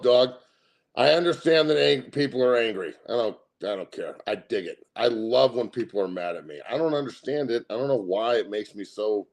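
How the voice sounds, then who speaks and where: Gravelly, brash, profane host. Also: male voice, lowish voice. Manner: loud, brash and profane, laughs often. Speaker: sports show host. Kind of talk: profane casual sports commentary.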